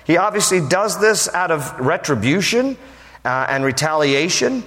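A male pastor preaching a sermon, telling a story in a humorous, animated way. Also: a little high, measured pace. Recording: long reverb of a large hall.

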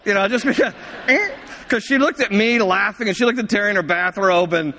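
A man preaching a sermon, telling a chatty story and quick to laugh. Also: sits high, bright, forceful tone, a little hiss or hum. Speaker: pastor. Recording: long hall reverb.

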